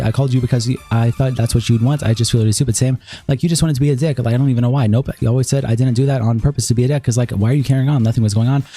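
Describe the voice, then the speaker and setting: A man streaming, reading chat logs and a document aloud quickly, with brief asides. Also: medium pitch, warm tone. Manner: rapid reading, running lines together with brief asides.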